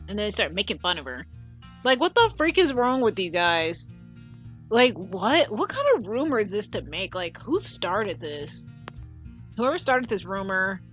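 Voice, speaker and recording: Woman doing a chatty reaction video, lots of "like", faint music under her. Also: medium pitch. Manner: chatty, animated, lots of "like" and "oh my gosh". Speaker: video commentator. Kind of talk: casual reaction commentary.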